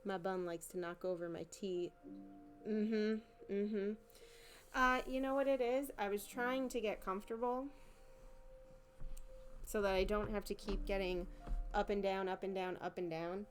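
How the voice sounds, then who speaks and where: A woman's voice: mid-range voice, steady tone, unhurried, long pauses. A young woman chatting casually on a live art stream at home, self-mocking and prone to repeating herself. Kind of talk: casual live-stream chat while painting. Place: home living room. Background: soft music playing.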